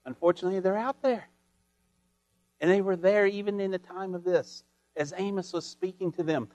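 A man preaching a sermon as pastor, folksy and full of homespun sayings, building emphatically to loud peaks. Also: sits high, fairly even intonation, normal speed, no echo, lo-fi sound.

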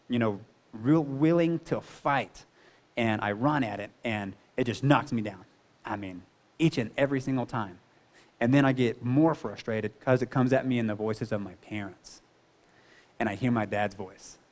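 A man in his thirties sharing a personal testimony, earnest and conversational, leaning on "you know" as he talks. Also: medium pitch.

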